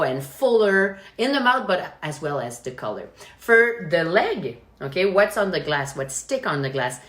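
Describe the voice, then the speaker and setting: A woman's voice: mid-range voice, echoey room. A woman with a Quebec French accent, chatting casually as she hosts a live wine tasting and explains as she goes, often checking in with "okay?". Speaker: wine expert hosting a live stream. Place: at home.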